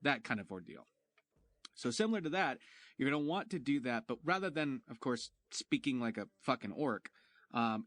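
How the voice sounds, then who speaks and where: A man's voice: mid-range voice, no room sound. A young man, a voice actor, casually explaining how he built a character voice, chatty and a bit profane, with loose asides. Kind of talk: casual tutorial talk.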